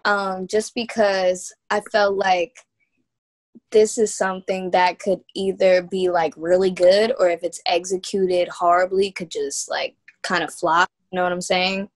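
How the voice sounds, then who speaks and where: A woman's voice: fairly low pitch, level tone, a little slow. A young woman from New York, a guest musician telling stories in a loose, slangy, laid-back way during a casual interview chat.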